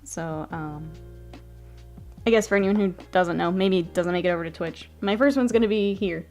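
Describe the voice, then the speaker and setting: A woman streamer chatting casually with her live chat while she works, often murmuring softly, laughing easily, with a stuffy nose. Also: on the low side, moderate pace, soft background music.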